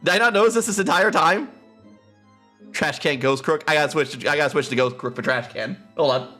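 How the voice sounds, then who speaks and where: Streaming a game from his room into a close desk mic, this man talks with a fairly high, slightly fast voice that sounds bright and forceful. He's playful and giggly in this casual live-stream chat, laughing often as soft music plays in the background.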